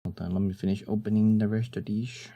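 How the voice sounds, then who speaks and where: Speaking fast with little pitch movement, a young man chats on a live stream in a deep, husky morning voice. His manner is laid-back, he often trails off with fillers, and his tone is warm.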